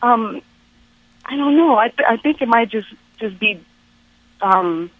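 A woman calling a radio counseling show, speaking haltingly with many fillers and close to tears. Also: on the high side, expressive, no echo. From Texas. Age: adult. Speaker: caller. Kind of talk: call-in radio conversation. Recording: muffled phone-line call.

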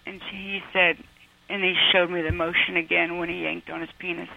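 Caller, female, hesitant and emotional, gravelly edge, tinny phone line, dry. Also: on the low side, flat delivery, brisk, no echo. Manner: hesitant, many ums, emotional. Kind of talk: phone-in call to advice show.

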